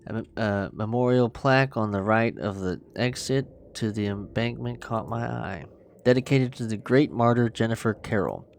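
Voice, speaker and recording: A man's voice: lowish voice, vocal fry, slight background noise. A man streaming a horror game, reading its text aloud with crude, joking asides. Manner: profane, joking asides between narration. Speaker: gaming streamer.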